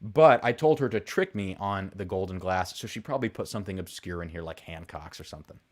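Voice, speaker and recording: A young man with a somewhat low voice chats casually to his live audience. He rambles, thinks aloud and pokes fun at himself, with plenty of fillers along the way. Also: fairly quick. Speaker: whiskey livestream host. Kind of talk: casual live-stream chat.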